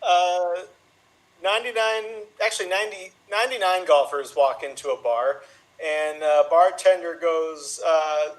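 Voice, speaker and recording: High-voiced, hesitant male improv player. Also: a little slow, poor audio. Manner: hesitant setups with fillers, jumps up in pitch for quoted lines. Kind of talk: improvised joke telling.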